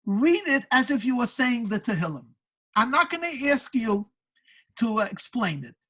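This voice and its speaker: A woman voicing an eager older male Torah scholar, insistent and excitable in his pleading. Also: fairly high pitch, normal speed.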